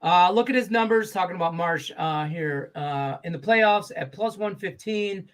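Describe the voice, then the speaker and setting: A man's voice: sits high, normal speed, fairly bright tone. A man hosting a sports betting show in casual, profane, rambling chat, laughing easily.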